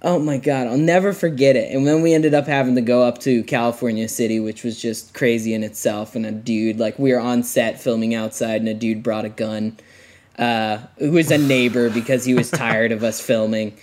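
A man's voice: medium pitch, steady tone, normal speed, darkish tone. A young man, a podcast guest, telling a long story in a rambling way, full of fillers and laughs. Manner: rambling, lots of "like" fillers, laughs between lines. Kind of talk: casual storytelling.

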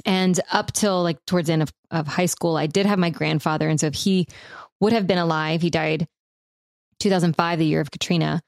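Thirtysomething woman rambling thru a story on a podcast, lotsa likes and ums, lowish voice, dry sound. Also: steady tone, a little fast, gravelly, no room sound. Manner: reflective, rambling with frequent fillers. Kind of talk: casual personal storytelling.

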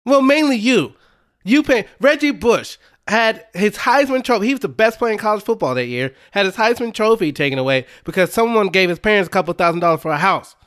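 A man's voice: high voice, animated, quick pace, few pauses, fairly bright tone, clean tone. A young man co-hosting a podcast in casual chat, laughing often and poking fun at himself. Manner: laughs often, self-deprecating, spells out words. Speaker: podcast co-host.

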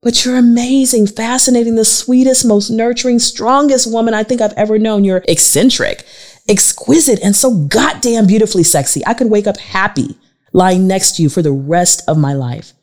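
A woman reading the part of a patient, calm bald man who pleads tenderly with his lover in a memoir audiobook. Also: mid-range voice, moderate pace, close to an everyday voice. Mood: pleading.

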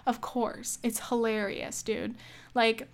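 A young woman talks through her opinions in a loose, chatty way, often laughing at herself and restarting her sentences. Her voice sits a little high and sounds smooth and clear. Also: level tone, slow pace. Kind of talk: casual opinion monologue.

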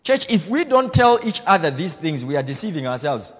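A man pastor preaching a blunt, self-assured sermon, swinging between loud exhortation and quiet asides. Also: on the high side, very animated, fairly quick, in a large hall. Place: church hall.

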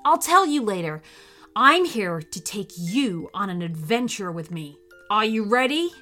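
Spider-Man, read by a woman, calm and kind. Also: mid-range voice, unhurried, faint music behind. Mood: reassuring. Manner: calm, reassuring. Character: Spider-Man, calm friendly young superhero.

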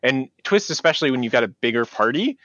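A man's voice: mid-range voice, expressive, fast talker, bright, forceful tone, no room sound. A man acting as game master, explaining rules and narrating a tabletop game with frequent fillers. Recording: dry, slightly dull recording.

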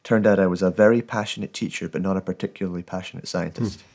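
Scottish guy in his 30s, very low voice, calm steady way of explaining stuff on a remote call. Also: fast, gravelly. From Scotland. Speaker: guest. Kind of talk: casual interview conversation. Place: at home.

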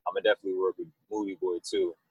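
A man being interviewed about his music, talking in a loose, rambling way and telling animated stories. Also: deep voice, very fast, husky, no room sound, dull audio. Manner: rambling, animated storytelling with laughs. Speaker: musician guest. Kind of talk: casual interview chat.

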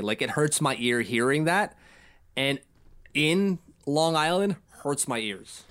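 A man's voice: a little high, slow pace, smooth. A man whose first language is French, co-hosting a casual podcast chat and acting out quoted voices. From French-speaking. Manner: animated, acts out quoted voices. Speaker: co-host.

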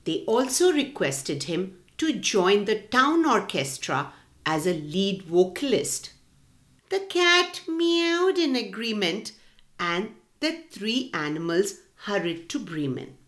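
A woman's voice: on the low side, big pitch swings, slow. A woman narrating a children's storybook expressively, speaking to the children directly. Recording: echoey room.

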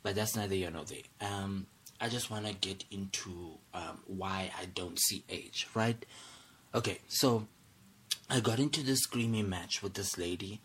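A man's voice: deep voice, unhurried, fairly bright tone, slight background noise. A young man hosting a solo podcast, angry and agitated, asking "do you understand" over and over. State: angry, irate. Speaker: podcast host.

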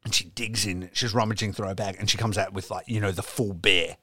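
A young man chats loosely on a podcast, stringing a story together with swearing and asides. His voice sits on the low side. It is recorded dry and close, with no room sound. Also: steady tone, fairly quick, sharp tone, dry recording. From Australia. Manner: rambling, profane storytelling with laughs. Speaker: podcast co-host. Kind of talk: casual podcast chat.

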